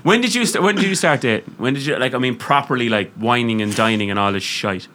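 Young irish guy on a podcast, rambling and laughing, swears a lot, bright tone, mid pitch. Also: animated, fast talker. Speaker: podcast host. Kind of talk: casual chat.

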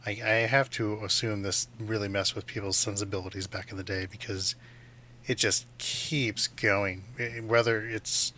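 A man's voice: fairly low pitch, fairly even intonation, moderate pace, pushed and bright. A man guest on a podcast, talking casually and playfully about a film. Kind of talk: casual movie discussion.

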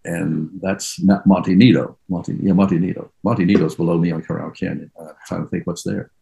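Older male actor, very low gravelly voice, rambling anecdotal storyteller. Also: steady tone, moderate pace, mellow, poor audio. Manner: rambling, reminiscing, trails off and restarts. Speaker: actor being interviewed. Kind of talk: casual anecdotal interview.

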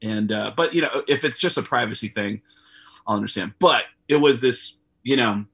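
A middle-aged comedian telling a profane, animated story as a guest over a video call, laughing often. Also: male voice, mid-range voice, moderate pace, vocal fry, husky. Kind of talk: casual storytelling.

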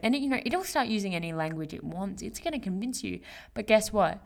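A woman's voice: mid-range voice, animated, brisk, creaky. Chatty, swearing young woman. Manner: chatty, swears freely, full of fillers and slang. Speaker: podcast host. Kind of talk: casual motivational monologue.

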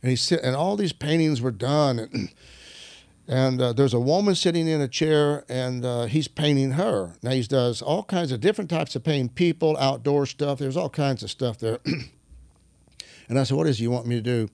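Brief: male guest minister, gravelly voice, dry close sound, animated storyteller who restarts mid-sentence. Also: medium pitch, no echo. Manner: animated, acts out quoted dialogue; halting restarts while searching for words. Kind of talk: conversational testimony storytelling.

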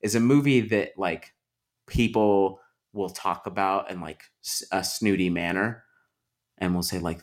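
A low-voiced man speaks at a measured pace, hosting a podcast. He talks at length in a casual movie discussion, his speech full of likes and restarts.

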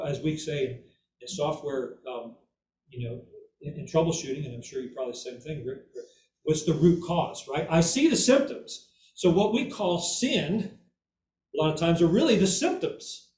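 A man's voice: a little high, darkish tone, slight background noise. A man giving an informal Bible teaching who keeps checking in with "okay?" and "right?" and repeats words for emphasis. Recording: echoey room, mic far off, faint ambience.

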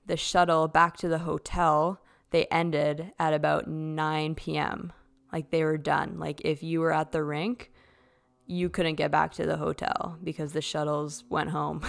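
Low and a little creaky, her voice still comes through clean. She's a young woman from Canada, a figure skater with a podcast, telling relaxed stories in a talkative way packed with "like."

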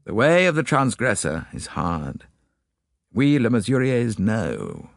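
A man voicing a gloomy, fatalistic ailing nobleman who speaks slowly and gravely in an audiobook. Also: fairly low pitch, wildly swooping pitch, dry recording, studio quality, voice pushed up, heavily acted. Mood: resigned. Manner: slow, resigned, grave.

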